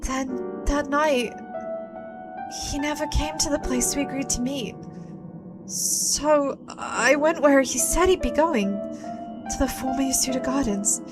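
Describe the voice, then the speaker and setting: Grieving young hairdresser in a video game, voiced by a female streamer; soft, subdued, high-pitched. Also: slow, over music. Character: grieving young woman hairdresser recalling her past.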